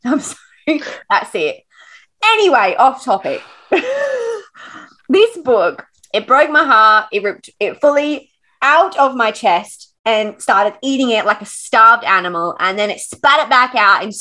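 A woman's voice: sits high, very animated, unhurried, bright, forceful tone. A woman co-hosting a podcast, chatting casually about a book, laughing often and swearing freely. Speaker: podcast co-host.

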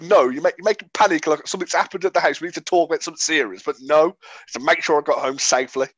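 A man, telling stories in a casual chat, animated and laughing often. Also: on the high side, fast, husky, dry recording. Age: 20s. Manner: animated storyteller, laughs often, acts out quotes.

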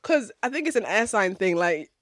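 Lady hosting a chat podcast, blunt and teasing, mid pitch, very dry mic. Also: big pitch swings, normal speed, dry recording. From London, with Nigerian family ties. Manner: frank, teasing, outspoken. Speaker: podcast host.

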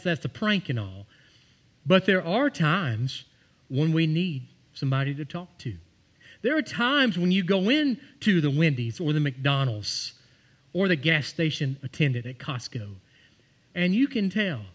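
A man's voice: a little high, very animated, unhurried, a bit bright. A man preaching a sermon, telling stories and building to emphatic scripture quotes. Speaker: pastor.

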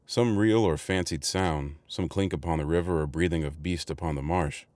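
A man narrating a classic novel in a measured, unhurried storytelling manner. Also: deep voice, darkish tone, no room sound. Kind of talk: audiobook reading.

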